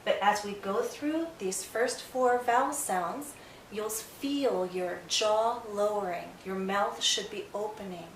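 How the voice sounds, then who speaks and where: Slow, deliberate woman teaching pronunciation. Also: mid-range voice, recorded from a distance, slight background noise. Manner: drills sounds one by one, clearly articulated. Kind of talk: slow scripted pronunciation lesson. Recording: roomy echo, faint music behind.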